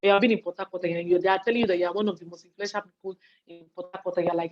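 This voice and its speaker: Very fast and fairly low-pitched, a Nigerian woman talks about leadership and volunteering live online to a chat audience from her home study, hungry and yawning. She stays lively and conversational, acting out people's words and checking whether listeners follow. Audio comes over a video call, dull and lo-fi with a little hiss or hum.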